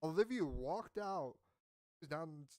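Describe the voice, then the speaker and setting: A man's voice: fairly high pitch, animated, takes it slowly, a little mellow, dry recording. A man in casual chat who tells a rambling story and acts out what people said. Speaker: podcast host.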